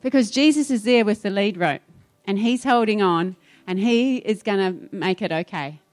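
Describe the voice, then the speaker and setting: A woman pastor speaking to a church, telling a story in a lively, animated way with acted-out quotes. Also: medium pitch, moderate pace, soft background music.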